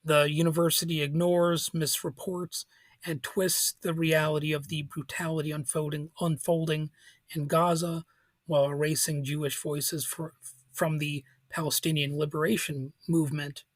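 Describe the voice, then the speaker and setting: A male podcast host talking through political news in a casual, halting way, with frequent restarts. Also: a little high, level tone, dry recording. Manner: informal, halting, with restarts and soft laughs.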